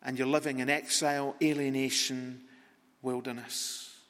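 A man preaching a sermon in a church, deliberate and repetitive, with long rhetorical pauses. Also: medium pitch, little pitch movement, fairly bright tone. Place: church sanctuary. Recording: long reverb in a large hall.

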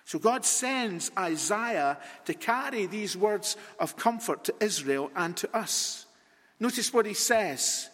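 A man preaching a sermon in a church, deliberate and repetitive, with long rhetorical pauses. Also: sits high, expressive, a bit bright. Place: church sanctuary. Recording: long reverb in a large hall.

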